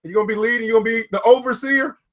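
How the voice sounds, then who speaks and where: High-voiced man giving a preachy pep talk. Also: steady tone, very fast, fairly bright tone. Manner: preachy, repetitive, calls out viewers by name, laughs at own jokes. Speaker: founder giving a motivational talk. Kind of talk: live-streamed motivational talk to viewers.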